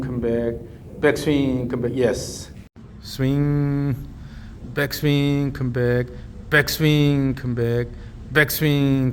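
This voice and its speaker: Slow mellow guy coaching golf swings, calm repeated cues, echoey room, faint hum behind. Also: mid-range voice. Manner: calm, repetitive cueing with humming counts. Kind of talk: live coaching session.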